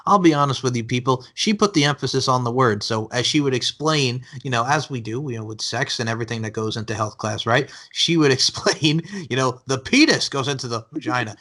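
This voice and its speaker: A man's voice: medium pitch, fairly quick, hardly any pauses, pushed and bright. A man in his thirties from Long Island, hosting an interview in a casual, jokey way with many fillers. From Long Island, New York. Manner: chatty, jokey, heavy on fillers. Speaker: podcast host.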